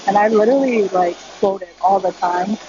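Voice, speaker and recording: A woman live streaming from a gym on her phone, telling a story in casual chat full of "like" and quick laughs. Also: mid-range voice, dull audio, noisy background.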